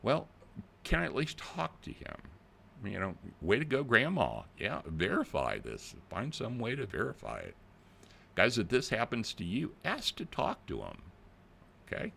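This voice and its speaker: An older man hosting a casual video, plain-spoken and animated, talking directly to his viewers. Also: lowish voice, moderate pace, creaky, breathy edge. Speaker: channel host.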